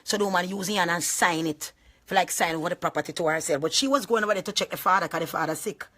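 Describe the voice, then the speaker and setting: A woman's voice: lowish voice, fast. Fired-up Jamaican woman ranting live. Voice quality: heavy patois, frequent cursing. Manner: rambling, loud bursts with laughter. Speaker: vlogger. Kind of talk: emotional live-stream rant.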